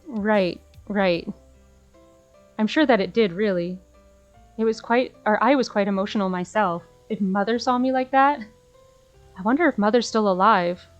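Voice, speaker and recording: A woman voicing a gentle, weary female demon in a visual novel, soft and a bit old-fashioned in her phrasing. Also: mid-range voice, normal speed, long pauses, lo-fi sound, soft background music, natural voice. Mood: wistful.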